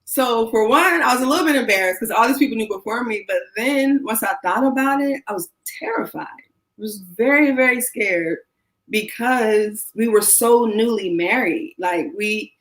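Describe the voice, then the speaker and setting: A woman's voice: on the high side, normal speed, rough recording. A woman guest telling a personal story in a frank, chatty way, acting out the people she quotes. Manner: animated, acts out quoted voices; frank, chatty, self-deprecating. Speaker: interview guest. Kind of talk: casual storytelling.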